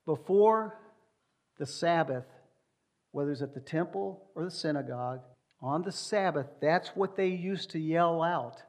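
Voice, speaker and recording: A man's voice: fairly high pitch, measured pace, darkish tone. A man preaching an expository sermon as pastor, speaking with emphasis, repeating key words and reading scripture aloud.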